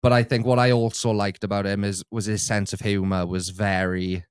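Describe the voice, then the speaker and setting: A man's voice: fairly low pitch, flat delivery, normal speed, clean tone, dry recording, studio quality. A man co-hosting a casual chat, easygoing and hesitant, often restarting his sentences. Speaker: co-host, the host's editor.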